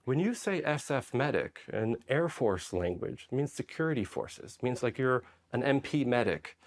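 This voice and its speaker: A man's voice: mid-range voice, sing-song, moderate pace, voice pushed up, close to an everyday voice. A man voicing a surprised, questioning female military nurse in a retold story. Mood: quizzical. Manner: quizzical, questioning.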